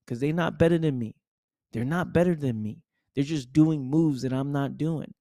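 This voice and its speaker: A man's voice: mid-range voice, moderate pace, mellow, no echo, clean studio sound. A man giving an emphatic motivational monologue, repeating himself and dropping "right?" and "man" asides. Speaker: motivational speaker.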